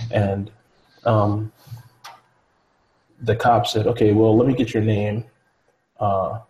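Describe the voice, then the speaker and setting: Relaxed low-voiced man telling a story. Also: low-quality recording. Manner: loose storytelling with many fillers, acts out quotes. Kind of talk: casual chat.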